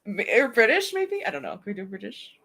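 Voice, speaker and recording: A woman co-hosting a casual writing stream, excitable and giggly. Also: fairly high pitch, fast, gravelly. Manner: giggly and excitable, reads aloud in a put-on accent. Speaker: streamer co-host.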